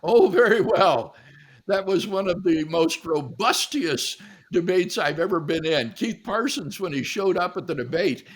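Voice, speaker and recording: An animated older man with a high-pitched, unhurried voice tells stories as a guest philosopher answering questions. It's relaxed question-and-answer storytelling, and he acts out the quotes as he goes.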